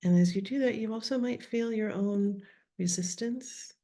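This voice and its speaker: A woman with a raspy voice leading a guided voice workshop on a live video call, speaking softly and often slipping into whispers. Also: mid-range voice, normal speed. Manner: soft, drifting into whispers while guiding. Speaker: workshop leader.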